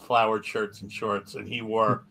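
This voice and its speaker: A man's voice: lowish voice, level tone, unhurried, gravelly, bright, forceful tone. A man co-hosting a comedy podcast, telling a story in casual chat and laughing often. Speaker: podcast co-host.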